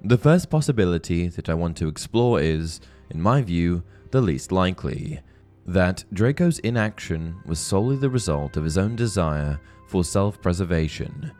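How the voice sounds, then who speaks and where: A man hosting a fan theory video, giving measured, scripted narration. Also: low-pitched, animated, darkish tone, faint music behind. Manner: measured, explanatory. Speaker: host of a fan theory channel. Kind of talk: scripted narration and book reading.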